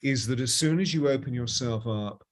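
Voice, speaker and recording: A man's voice: medium pitch, moderate pace. A man speaking as a spiritual guest on a live call-in show, effusive and flowery, calling callers darling.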